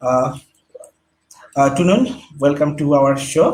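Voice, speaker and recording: A man with a Bengali accent hosting a live interview, hesitant and halting, filling pauses with "uh" and switching into careful English. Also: a little high, expressive, darkish tone, reverberant. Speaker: host.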